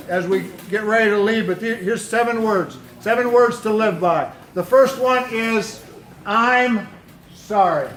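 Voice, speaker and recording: High-voiced pastor in an echoey room. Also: male voice, a little hiss or hum. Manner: lively, quizzing the listeners and repeating their answers. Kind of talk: talk to a youth football team.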